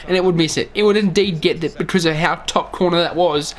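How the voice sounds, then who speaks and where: A fairly high-pitched gaming YouTuber talks fast over footage of his own game. He sounds tired, narrating each play and frequently addressing his "lads."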